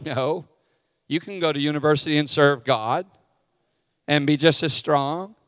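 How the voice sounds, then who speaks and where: A man's voice: on the high side, measured pace, clear, resonant tone, clean studio sound. A middle-aged man preaching a sermon as a pastor, candid and self-deprecating in his asides. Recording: long hall reverb.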